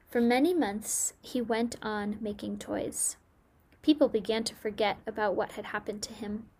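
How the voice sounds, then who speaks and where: A woman reading a children's story aloud in a gentle, measured storybook manner. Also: fairly high pitch.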